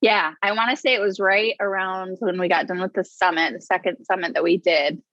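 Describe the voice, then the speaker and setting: A woman's voice: mid-range voice, steady tone, a little fast, a bit bright, no echo. Woman chatting about business, laughs a lot, kinda lo-fi sound. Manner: chatty, laughs often, quotes herself. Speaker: business integrator, co-host. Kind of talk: casual business chat.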